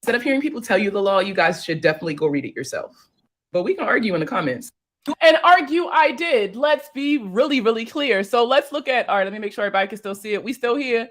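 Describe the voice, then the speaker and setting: A woman's voice: medium pitch, lively intonation, quick pace. A young woman, a finance creator, reacting to viewer comments in casual talk, blunt and exasperated, swearing and firing off rhetorical questions.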